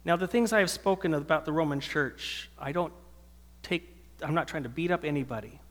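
A man's voice: on the high side, a little fast, a bit bright. A male pastor giving an earnest sermon that swells into emphatic preaching, in a church hall with long reverb.

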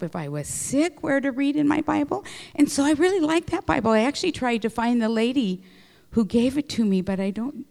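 A middle-aged woman telling a Bible story to children during a church service, animated and expressive. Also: medium pitch. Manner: animated storytelling with acted-out voices. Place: church sanctuary. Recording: reverberant church hall.

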